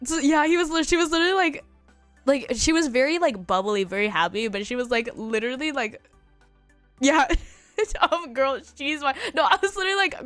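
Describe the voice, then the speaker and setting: A young woman from the United States chatting casually on stream, rambling and giggling and acting out quotes in a higher voice. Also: animated, moderate pace, long pauses, fairly bright tone, no echo, soft background music. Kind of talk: casual chat.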